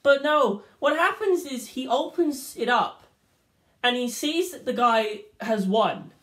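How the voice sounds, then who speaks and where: A woman's voice: high voice, expressive, slow pace, a bit bright. A woman reviewing a film in a rambling, casual monologue, swearing freely and acting out the scenes.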